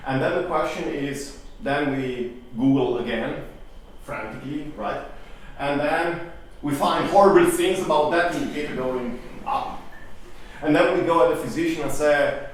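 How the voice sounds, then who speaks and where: A man's voice: a little high, expressive, moderate pace. A man giving a conversational conference talk, often asking the audience rhetorical questions and restarting his phrases. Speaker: conference speaker. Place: conference hall. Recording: echoey hall, distant mic, faint noise.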